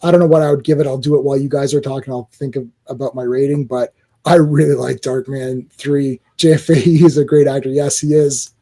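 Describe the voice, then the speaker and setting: A man hosting a casual movie podcast, talking in an excitable, rambling way with frequent laughs and swearing. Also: mid-range voice, fairly quick. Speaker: podcast host. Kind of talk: casual movie review chat.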